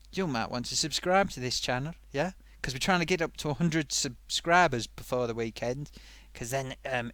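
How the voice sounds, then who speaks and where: A man's voice: medium pitch, a bit bright, no room sound, lightly acted. A man voicing a chatty, affable male sock puppet who hosts a live stream, rambling playfully and giving friendly advice to viewers.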